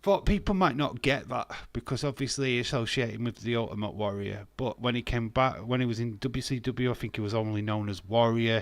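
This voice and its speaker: A man casually chatting with viewers as he hosts a wrestling watch-along, self-mocking and quick to laugh. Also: on the low side, dry recording. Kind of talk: casual live-stream chat with viewers.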